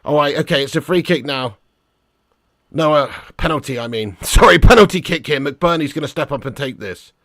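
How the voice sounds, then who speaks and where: Male fan-streamer, high bright voice, dry close sound, swears freely and shouts at the ref. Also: moderate pace, dry recording. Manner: swears a lot, excitable, chats to viewers. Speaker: football watch-along host. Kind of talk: live match watch-along commentary.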